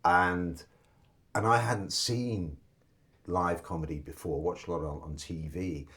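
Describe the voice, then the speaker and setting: Deep-voiced comedian telling stories. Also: male voice, a little slow. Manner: relaxed, rambling anecdotal delivery with acted-out dialogue. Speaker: stand-up comedian, guest. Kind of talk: casual interview storytelling. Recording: loud guitar music behind the voice.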